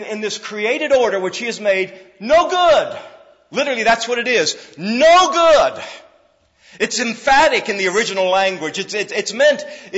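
A man with a high voice gives an earnest expository sermon, circling back over his points and restarting sentences as he goes. The recording is dull and muffled, with a long hall reverb trailing behind him. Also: fairly bright tone. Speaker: pastor.

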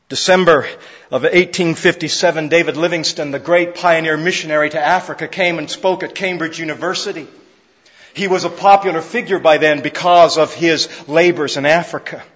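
A man preaching a sermon as pastor, moving from quiet pleading to loud, impassioned exclamations. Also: sits high, long reverb tail, dull audio.

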